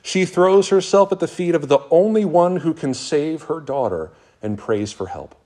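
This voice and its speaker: A man preaching a sermon as pastor, reading scripture passages aloud with earnest, dramatic pauses. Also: on the high side, lively intonation, dark tone.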